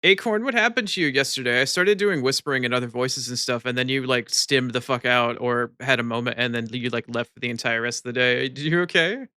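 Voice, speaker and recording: A man's voice: medium pitch, a little fast, few pauses, pushed and bright, smooth, dry recording, studio quality. A young American man chatting casually on a live stream, reading chat aloud and laughing often.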